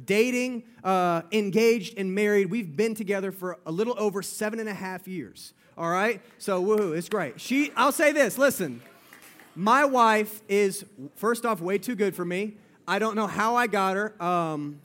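Young male youth pastor, high voice, casual and playful, repeats lines for emphasis. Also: a bit bright. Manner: chatty and playful, often calls out "guys" and repeats himself. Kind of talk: sermon to a live audience.

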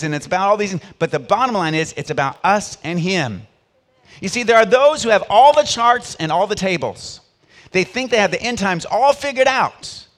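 A middle-aged pastor preaching a sermon, with sharp rises and drops in volume and call-and-response with the congregation. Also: male voice, high voice.

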